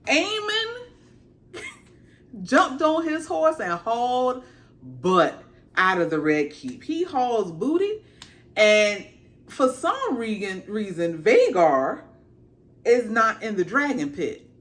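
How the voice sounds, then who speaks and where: A woman's voice: a little high, slow pace, long pauses. A woman reviewer giving a casual, slangy episode recap, acting out the characters as she goes. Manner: animated, slangy storytelling with acted-out asides. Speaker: TV show reviewer.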